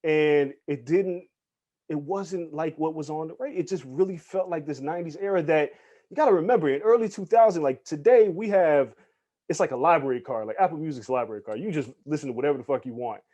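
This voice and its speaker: A man guesting on a podcast interview, telling stories in an animated, casual way, acting out the people he quotes and swearing freely. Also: fairly high pitch, a little fast, dull audio. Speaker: guest, hip hop journalist.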